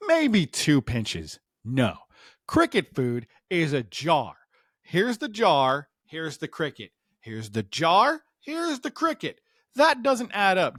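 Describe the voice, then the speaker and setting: A man telling a comic story about his own life, acting out the voices of the people in it with big jumps in pitch. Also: no echo, studio quality. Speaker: stand-up comedian. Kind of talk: comedic storytelling.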